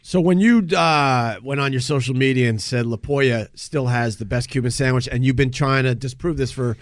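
A man hosting a casual podcast, asking his guest curious follow-up questions in a relaxed way. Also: mid-range voice, normal speed, dry recording, clean studio sound. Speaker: podcast host. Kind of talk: casual interview chat.

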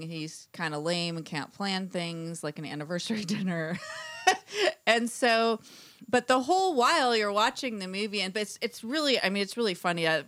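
A woman's voice: mid-range voice, a bit bright, no room sound. A woman in her thirties co-hosting a podcast, chatting casually and rambling with frequent laughs. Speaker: podcast co-host. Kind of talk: casual chat.

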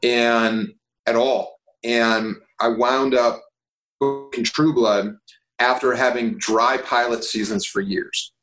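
A man telling stories in a casual interview, lively and profane, acting out what others said to him. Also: medium pitch, takes it slowly, roomy sound, over music, rough recording. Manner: animated, swears, acts out quoted voices. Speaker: guest actor.

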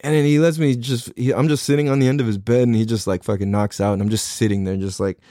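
A man's voice: mid-range voice, fairly even intonation, quick pace, mellow, no room sound, clean studio sound. A man in his thirties telling a long, rambling, profane story in a laid-back way, laughing often. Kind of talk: casual storytelling monologue.

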